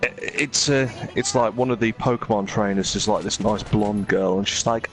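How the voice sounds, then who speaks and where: A man's voice: fairly low pitch, steady tone, normal speed. A man chatting during a gameplay session, rambling through a story with lots of fillers. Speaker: co-commentator. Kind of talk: casual gameplay chat. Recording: game music underneath. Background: game music.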